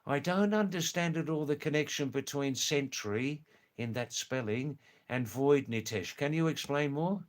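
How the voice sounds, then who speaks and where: A man hosting a live stream, answering viewer comments slowly and thoughtfully, with many pauses and fillers. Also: on the high side.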